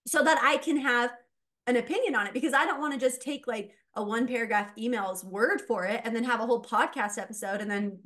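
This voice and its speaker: A woman mindset coach talking casually as a podcast guest, animated and laughing often as she acts out quoted voices. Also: a little high, fairly quick.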